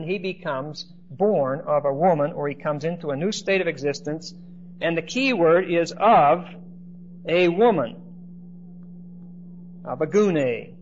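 A man teaching a Bible class in lecture style, often checking in with his listeners by asking "okay?". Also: high voice. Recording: dull lo-fi recording with faint noise.

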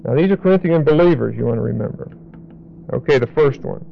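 A man teaching a Bible lesson verse by verse, deliberately repeating and spelling out key words. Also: mid-range voice, animated, vocal fry, a little hiss or hum. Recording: dull lo-fi recording.

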